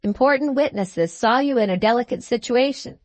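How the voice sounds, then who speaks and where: A woman's voice: on the high side, a little mellow, no echo, pitched above the performer's own voice, natural voice. Woman voicing Perker, fussy little lawyer. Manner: brisk, knowing, repeats "my dear sir". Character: bustling little middle-aged male lawyer, fussy.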